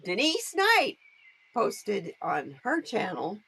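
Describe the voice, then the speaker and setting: Animated, chatty woman on a live stream. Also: medium pitch, slow pace, vocal fry, husky. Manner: chatty, laughs often, greets viewers by name. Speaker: tarot reader hosting a live stream. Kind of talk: casual live-stream chat with viewers.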